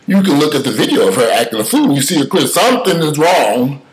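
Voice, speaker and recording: A man giving casual spoken commentary, telling stories with emphatic swings from loud outbursts to mutters, cursing freely. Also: a little high, very animated, fast talker, rough recording.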